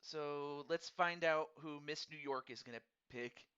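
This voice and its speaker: A man's voice: fairly high pitch, measured pace, pushed and bright, clean tone, dull audio. A man hosting a casual live-streamed hockey draft, rambling and repeating words in a friendly, upbeat way.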